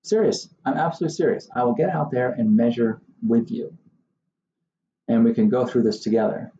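A man's voice: mid-range voice, steady tone, normal speed, mellow, reverberant, lo-fi sound, slight background noise. A man who hosts his own channel as a surveyor, talking casually to the camera in a wry, exasperated way. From Southern Maine. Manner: wry, exasperated, mocking impressions of others.

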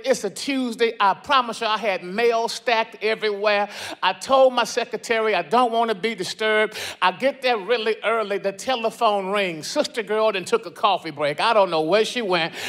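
A man preaching a sermon as guest preacher in a large church, building into shouted, chanted cadences. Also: very high voice.

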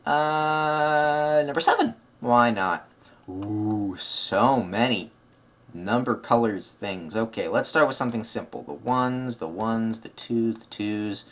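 A man's voice: fairly low pitch, takes it slowly, a bit bright. A man giving casual gameplay commentary, muttering numbers under his breath while solving puzzles and correcting himself as he thinks aloud. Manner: chatty asides, self-correcting. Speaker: gaming video creator.

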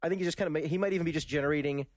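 A man's voice: on the high side, rapid-fire, no echo. A man co-hosting a gaming podcast, reading news items with frequent laughs and stumbling repeats. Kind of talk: casual podcast chat.

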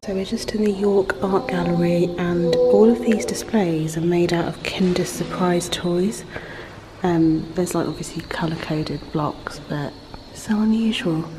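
Her voice sits on the low side and moves a little slowly as she chats in a bubbly way into a handheld vlog camera, laughing often. It's a casual travel vlog recorded while she walks busy city streets, with street noise in the background.

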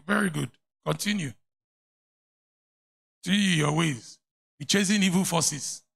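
A man with a Nigerian accent, a pastor preaching a sermon in a church, animated and mocking at times. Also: a little high. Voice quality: gravelly.

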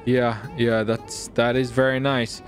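A man streaming game role-play, talking to viewers in a joking, excitable way and swearing freely. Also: mid-range voice, a little slow, soft background music.

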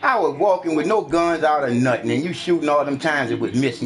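A man's voice: a little high, very animated, brisk, few pauses. A man trash-talking another player during an online game, taunting and mocking with repetitive jeers.

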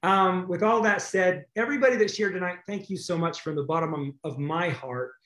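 A man's voice: sits high, a little fast. A man hosting a community video call, thanking guests and making announcements in a rambling, grateful way. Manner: warm, grateful, rambling with restarts. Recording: echoey room on a video call.

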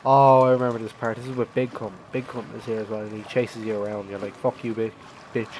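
Excitable, cursing man narrating a horror game. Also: lowish voice, fast talker, background noise. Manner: excitable, swearing, yelping in fright. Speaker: gaming YouTuber. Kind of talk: let's play commentary. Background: game music.

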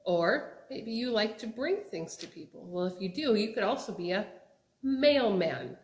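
Slow sing-song teacher woman. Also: mid-range voice, lively intonation. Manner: slow, sing-song, prompting children to repeat words. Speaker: English teacher for young children. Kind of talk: children's vocabulary lesson. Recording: echoey room.

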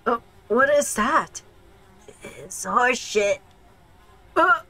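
A woman streaming a game, reacting out loud as she plays, talking to herself and laughing often. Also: on the high side, animated, very slow. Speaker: gaming streamer. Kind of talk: casual let's play commentary.

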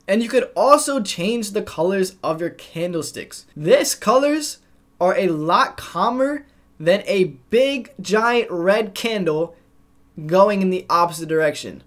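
High-voiced man coaching stock traders. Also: expressive, measured pace, fairly bright tone. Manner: direct, coaching, addresses viewers. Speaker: trading educator. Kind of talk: scripted narration.

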